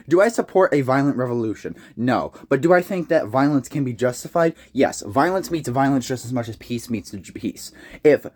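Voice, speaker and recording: Speaking casually to camera, a young adult political commentator from the United States launches into a rambling, heated, foul-mouthed rant full of restarts. His voice is mid-range with a somewhat dark tone.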